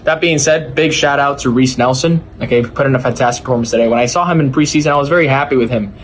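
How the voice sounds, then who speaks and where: A man with an American accent, giving his opinions in a measured, even-handed way in a recorded fan message. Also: medium pitch, a little hiss or hum. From United States. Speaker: fan sending a video message.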